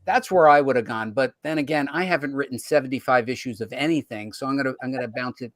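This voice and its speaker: A man's voice: mid-range voice, fast, no room sound. A man hosting a video call show, teasing his guests and steering the brainstorm. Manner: playful, teasing, steers the talk. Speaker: host. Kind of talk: casual hosting chat.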